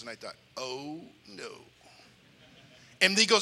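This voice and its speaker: An older man preaching with humor, an animated storyteller with comic timing who slips into character voices. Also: fairly high pitch, moderate pace, pauses often. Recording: long hall reverb.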